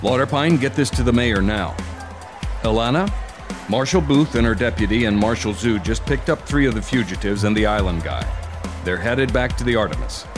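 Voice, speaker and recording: An actor playing a sly, short-tempered infiltrator who can turn smoothly deceptive. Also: male voice, fairly low pitch, expressive, moderate pace, over music, natural voice. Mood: scheming. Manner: curt, then smoothly deceptive.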